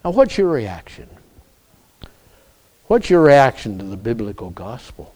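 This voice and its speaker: A man preaching a sermon as pastor, emphatic, with repeated rhetorical questions and drawn-out phrases. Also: medium pitch, big pitch swings, darkish tone.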